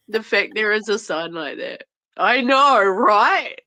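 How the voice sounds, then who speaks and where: A woman's voice: mid-range voice, animated, takes it slowly, sharp tone, no room sound. A woman chatting casually on a livestream, bawdy and giggly, laughing often. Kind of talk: casual chat.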